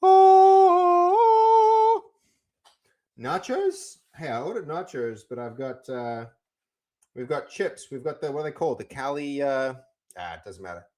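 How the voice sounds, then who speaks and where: Talking to his stream chat as he works on code, this young man rambles casually and keeps restarting his sentences. He speaks at a normal speed in a medium-pitched voice with big swings in pitch.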